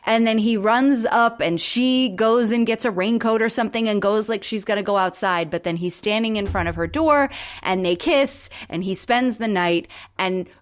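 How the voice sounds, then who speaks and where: A woman's voice: medium pitch, normal speed. A woman co-hosting a podcast, casually recapping sitcom episodes and acting out the characters' lines as she goes. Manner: animated retelling, acts out characters' lines. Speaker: podcast co-host.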